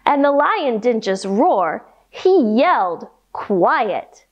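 Young woman, kids' yoga storytime, animated, unhurried, bright playful pitch. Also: highs cut off. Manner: animated, slow, playful sound effects for kids.

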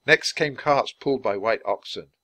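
A man reading a children's chapter book aloud clearly, for language learners. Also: medium pitch, moderate pace, sharp tone, dry recording. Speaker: storybook reader.

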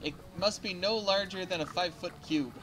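A man running an online tabletop game as game master, reading rules aloud haltingly and laughing often. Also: high voice, music in the background.

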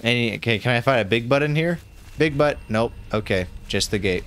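A man streaming a fantasy game, commenting casually in a goofy, excitable, playful way. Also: medium pitch, fairly quick, slight background noise. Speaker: gaming streamer. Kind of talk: casual let's-play commentary.

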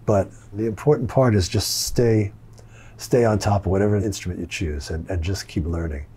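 An older man with a low, dark, husky voice tells music stories in a relaxed interview. He gets animated as he goes, laughing and mimicking the people he quotes. It sounds like easygoing, unscripted chat. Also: normal speed. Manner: animated, laughs while telling stories, acts out others' lines. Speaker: guitarist guest. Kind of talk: casual interview storytelling.

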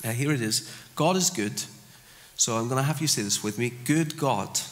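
A man's voice: medium pitch, brisk, a bit bright. Man preaching in an echoey hall. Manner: conversational, with acted-out asides and crowd call-and-response. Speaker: pastor. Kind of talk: sermon. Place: church.

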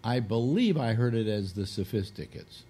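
A man's voice: mid-range voice, animated, moderate pace, crowd noise. A man hosting a casual radio talk show, telling a long crude joke with acted-out quotes. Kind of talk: casual radio chat, storytelling.

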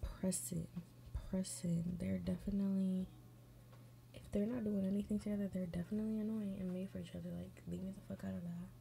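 A woman's voice: medium pitch, little pitch movement, fast, vocal fry, warm tone, a little hiss or hum. A woman hosting an advice show, chatting casually and bluntly with lots of swearing while doing her makeup and reading stories, sometimes mumbling under her breath. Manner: blunt, profane running commentary.

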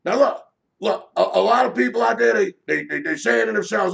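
A man working as a sports betting handicapper, shouting a brash, profane sales pitch for his picks and repeating himself often. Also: animated, a little fast, creaky. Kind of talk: loud promotional sales pitch.

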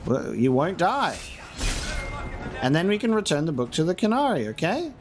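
A man's voice: a little high, very animated, moderate pace. A man giving casual gameplay commentary, chatty and self-mocking, swearing and laughing often. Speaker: let's play gamer. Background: faint game music.

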